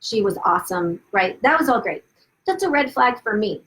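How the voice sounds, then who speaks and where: A woman's voice: mid-range voice, big pitch swings, moderate pace, fairly bright tone, rough recording. A woman hosting a live video stream, telling her own story in a candid, casual way with frequent asides and restarts, laughing at her past. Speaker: host of a live video series. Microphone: webcam or phone, live stream.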